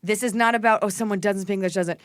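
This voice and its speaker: A woman from the Dallas area hosting a podcast, dry and sardonic, quick to tease her guest. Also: medium pitch, fairly even intonation, no echo. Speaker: podcast host. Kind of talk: casual podcast chat.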